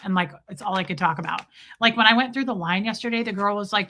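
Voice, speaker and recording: A woman in her forties telling candid, rambling stories on a casual live stream, slipping into quick impressions of the people in them. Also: mid-range voice, bright, forceful tone, slight background noise. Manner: candid, rambling storyteller, does voices of people.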